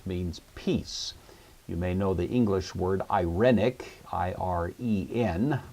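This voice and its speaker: Deep, husky-voiced man teaching Greek. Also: dark tone. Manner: measured, methodical explaining with repeated words. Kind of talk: recorded lecture.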